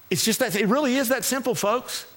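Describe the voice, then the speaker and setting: A male guest preacher from Texas delivering a sermon in a church, swinging between shouted exhortation and quiet, confiding asides with repeated refrains. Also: very high voice. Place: church sanctuary with congregation.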